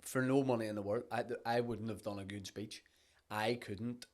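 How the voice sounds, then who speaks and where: A man's voice: fairly low pitch, fairly even intonation, moderate pace, a little mellow. A man, a comedian and podcast guest, chatting casually and often repeating words as he starts a thought. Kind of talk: casual chat.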